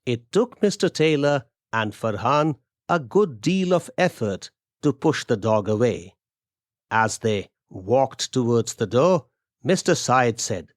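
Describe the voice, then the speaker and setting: Man, story narrator, slow deliberate pace, dry close mic, podcast. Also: mid-range voice, animated, no room sound. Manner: measured, deliberate.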